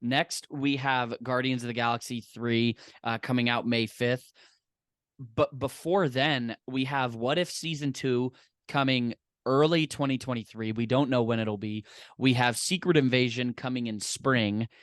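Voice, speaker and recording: A man's voice: medium pitch, fairly even intonation, measured pace, no echo, clean studio sound. A man co-hosting a podcast in casual chat, enthusiastic and rambling. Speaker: podcast co-host.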